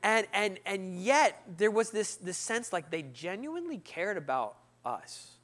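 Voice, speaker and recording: A man preaching a sermon, telling a personal story in a lively way, acting out the people in it and swinging from loud outbursts to hushed asides. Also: high voice, a little slow.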